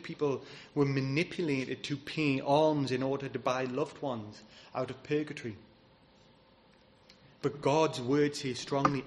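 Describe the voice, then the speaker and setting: A man's voice: medium pitch, slight background noise. A man preaching a sermon as pastor, earnest and emphatic, citing scripture as he goes.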